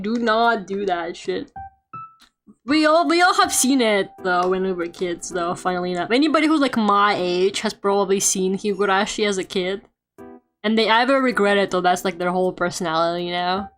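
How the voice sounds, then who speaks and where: A woman's voice: mid-range voice, normal speed. A young woman streamer chatting casually and playfully while she draws, with lots of fillers and joking rants. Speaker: streamer and artist. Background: quiet game music playing.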